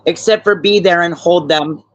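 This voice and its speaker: A man's voice: high voice, normal speed, no room sound, dull audio. An older man speaking as a guest on a live stream, blunt, heartfelt and swearing. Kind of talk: emotional live stream discussion.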